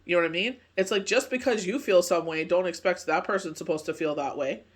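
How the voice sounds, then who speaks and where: A woman's voice: on the low side, fairly quick, slightly rough. Chatty woman giving a tarot reading. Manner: chatty, rambling, constant filler phrases. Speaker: tarot card reader. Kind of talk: casual tarot reading chat. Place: speaking from Canada.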